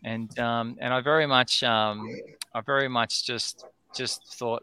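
Excitable Australian man, gravelly and bright. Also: mid-range voice, a little slow, no echo. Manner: rambling, excitable, lots of "um" and "right?". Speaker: distillery founder, guest. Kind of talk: storytelling in a podcast chat.

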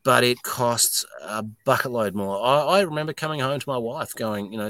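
A man's voice: mid-range voice, normal speed, hardly any pauses, no echo. Blunt, swearing Australian man. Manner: blunt, swearing, animated storyteller. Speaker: distillery owner, interview guest. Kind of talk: casual podcast interview.

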